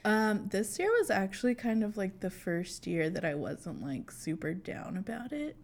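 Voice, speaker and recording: A woman's voice: medium pitch, very animated, normal speed, vocal fry. A young woman co-hosting a podcast in casual chat, rambling with many fillers. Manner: chatty, trailing off with "like". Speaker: podcast co-host.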